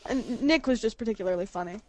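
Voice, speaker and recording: A young woman chatting on a podcast over an internet call, giggly and animated, telling stories and doing her friends' voices. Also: on the high side, fast talker. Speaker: podcast co-host. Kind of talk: casual chat over a call. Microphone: computer mic on an online call.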